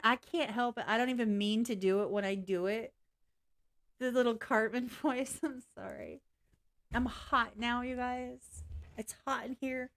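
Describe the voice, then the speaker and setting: Speaking unhurriedly in a higher voice with fairly even intonation, a woman streams live and rants to viewers. It's blunt, candid, casual talk, full of swearing and laughter.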